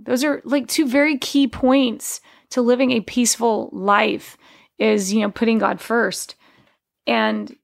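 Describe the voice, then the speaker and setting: A woman's voice: on the high side, gravelly, no echo, studio quality. A woman in her forties giving an earnest, conversational faith testimony, full of fillers and restarts. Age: 40s.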